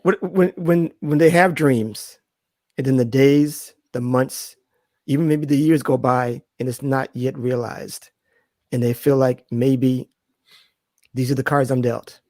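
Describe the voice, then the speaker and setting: A man's voice: mid-range voice, fairly even intonation, takes it slowly, a little mellow, dry recording, clean studio sound. A man hosting a podcast interview, asking rambling questions with many restarts and affirming his guest. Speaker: podcast host. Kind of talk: casual interview.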